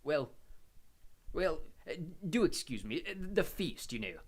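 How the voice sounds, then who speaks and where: A man voicing a melancholy old male ghost who speaks quietly and formally in an audiobook reading. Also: a little high, sing-song, measured pace, voice pushed up. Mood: gentle. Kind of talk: audiobook character voice.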